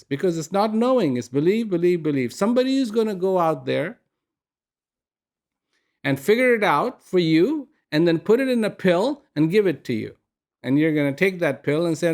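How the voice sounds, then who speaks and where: Gravelly-voiced man asking reflective questions. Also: high voice, sing-song, darkish tone. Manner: slow, questioning, rhetorical. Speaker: spiritual speaker. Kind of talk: reflective personal message.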